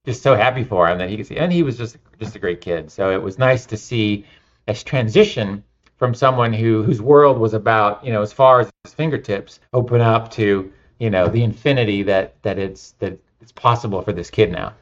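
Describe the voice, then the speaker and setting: A man telling lively anecdotes in an interview, with many fillers and restarts. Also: on the low side, moderate pace, muffled recording. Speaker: nonprofit founder and guest. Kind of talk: casual interview storytelling.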